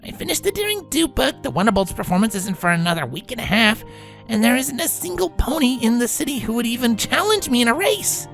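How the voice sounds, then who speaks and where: A woman's voice: on the high side, big pitch swings, fairly quick, creaky, faint music behind, pitched above the performer's own voice. A woman voicing a brash, tomboyish young female pegasus in a fan fiction reading, casual and teasing. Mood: bored.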